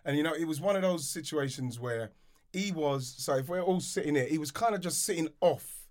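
A man co-hosting a podcast, telling animated anecdotes, repeating words and dropping low when quoting others. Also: brisk. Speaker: podcast co-host, former footballer. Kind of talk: casual storytelling chat.

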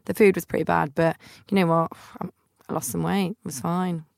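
A woman's voice: on the low side, fairly even intonation, normal speed, creaky, darkish tone, no room sound, clean studio sound. A young woman hosting a podcast, telling funny travel stories in a chatty, self-mocking way and putting on family members' voices. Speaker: podcast host. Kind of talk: casual storytelling monologue.

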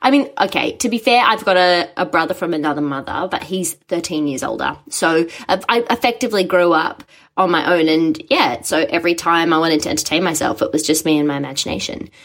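A young woman, a guest chatting casually in an interview, telling stories in an animated way with frequent laughter. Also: sits low, a little fast. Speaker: guest, musical writer.

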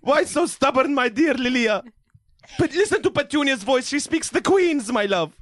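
A man's voice: extremely high pitch, animated, normal speed, a bit bright, no room sound, studio quality, voice pushed up. A man voicing a fussy immigrant father who loves his flowers more than his daughters, pleading and rambling.

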